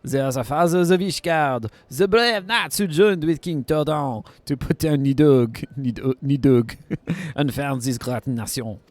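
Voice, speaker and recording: A man's voice: fairly high pitch, unhurried, no room sound, voice pushed up, natural voice. A man voicing a pompous male manservant of a noble house in a put-on French accent, reading game dialogue aloud in a stately, formal tour-guide manner.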